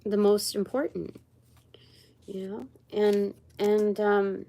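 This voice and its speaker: A woman giving a livestreamed tarot reading in a slow, meandering way, pausing often and searching aloud for words. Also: mid-range voice, level tone, gravelly, warm tone. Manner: slow and meandering, many pauses and fillers. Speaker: tarot reader and channeler. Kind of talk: livestreamed spiritual card reading.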